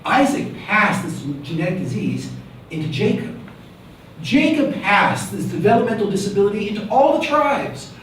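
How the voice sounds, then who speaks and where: Animated rabbi lecturing in echoey room. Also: male voice, high voice, normal speed. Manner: animated, rhetorical questions, joking. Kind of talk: lecture to students. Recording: very echoey room, mic at a distance, faint background hum.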